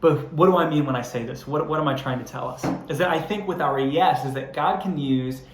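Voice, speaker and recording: A man's voice: a little high, a little fast, echoey room, slight background noise. A young adult man preaching a sermon, telling a self-deprecating story in a conversational way before turning earnest. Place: church hall.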